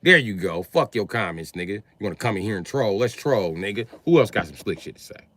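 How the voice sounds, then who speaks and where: A man hosting a livestream, ranting at his chat in a combative, profane way and swinging between yelling and muttering. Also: lowish voice, animated, brisk, dry recording. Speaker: livestream host moderating chat. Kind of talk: heated livestream rant at chat.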